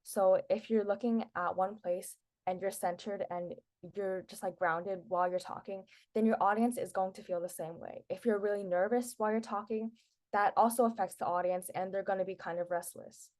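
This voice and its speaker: A woman's voice: mid-range voice, fairly even intonation, normal speed, darkish tone. Chatty teenage girl giving a class talk. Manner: chatty, lots of "like" fillers. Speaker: student presenter. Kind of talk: casual presentation to a class.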